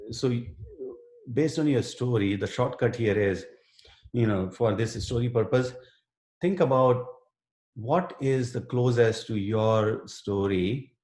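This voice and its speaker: A man's voice: medium pitch, a little mellow, roomy sound. A man teaching a live online writing workshop and answering student questions earnestly, with many fillers and restarts. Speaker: writing instructor. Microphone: video call.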